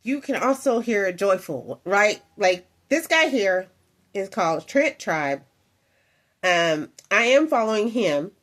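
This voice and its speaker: A woman's voice: mid-range voice, lively intonation, slow, fairly bright tone. A woman hosting and commenting on a clip of faith teaching, talking reflectively with many fillers and asides.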